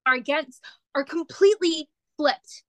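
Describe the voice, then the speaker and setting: A woman's voice: high-pitched, a little slow, dry recording. A young woman co-hosting a podcast in casual chat, speaking with passion and emphasis. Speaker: podcast co-host.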